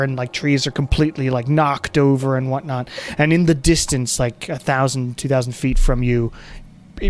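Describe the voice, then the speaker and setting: Casual male game master. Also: mid-range voice. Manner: casual, many fillers. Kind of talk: narrating a tabletop game.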